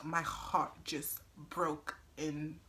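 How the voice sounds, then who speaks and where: A young woman vlogger telling a personal story, animated and dramatic, acting out what everyone said. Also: deep voice, drawn-out words, background noise. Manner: animated, dramatic retelling with acted-out quotes. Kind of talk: storytime vlog.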